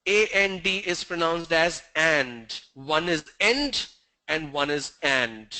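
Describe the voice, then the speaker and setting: Man, teacher, corrective and strict, spells words out, unhurried delivery, high voice. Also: steady tone, sharp tone, clean tone. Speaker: English pronunciation teacher. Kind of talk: online class answering student questions.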